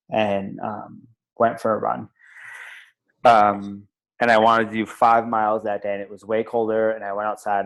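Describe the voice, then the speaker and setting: A man's voice: lowish voice, low-quality recording. A man on a group call telling a personal story casually, rambling with lots of fillers and the odd swear word. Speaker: call participant.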